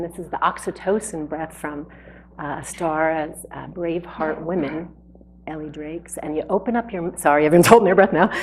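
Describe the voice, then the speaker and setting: Gentle woman guiding a breathing exercise. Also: on the low side. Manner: gentle, guiding, laughing lightly. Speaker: speaker leading a breathing exercise. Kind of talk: talk with guided breathing. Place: indoor event hall before a live audience.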